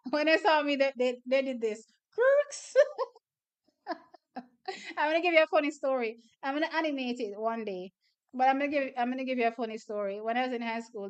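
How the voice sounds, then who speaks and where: A young woman hosting a casual livestream, animated storyteller who laughs often. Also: high-pitched, clean tone. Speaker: livestream host.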